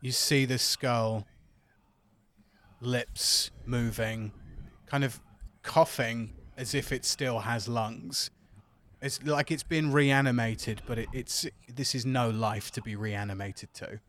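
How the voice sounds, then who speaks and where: A man's voice: medium pitch, steady tone, slow pace, a bit bright. A man narrating a tabletop role-playing game as game master, describing scenes.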